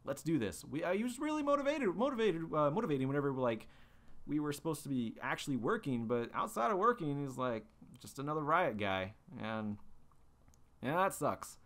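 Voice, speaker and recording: Speaking fairly quickly in a sing-song, slightly high and bright voice, a young man rambles through stories on his podcast. It's a casual monologue, loose and full of fillers and restarts.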